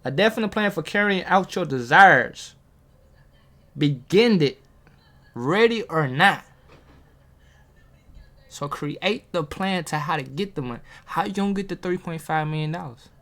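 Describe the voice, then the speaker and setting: A motivational video host films himself at a table, giving a casual, preachy talk laced with rhetorical questions for his viewers. His slightly high, fairly bright voice is animated, yet he talks a bit slowly and pauses often.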